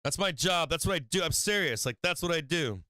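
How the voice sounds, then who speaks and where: A man's voice: on the high side, expressive, brisk, bright, forceful tone, dry recording. A man hosting a stock trading livestream in casual chat, rambling and swearing freely, often breaking into laughter.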